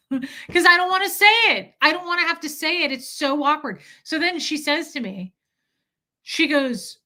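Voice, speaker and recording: Bright slightly high-voiced woman on a livestream, candid and emotional, laughs a lot, swears freely. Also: moderate pace. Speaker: livestream host. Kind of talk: casual livestream chat reading comments.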